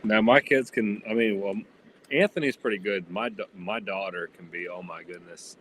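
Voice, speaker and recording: A man's voice: on the low side, normal speed, fairly bright tone, a little hiss or hum. A man co-hosting a casual chat, rambling with lots of fillers.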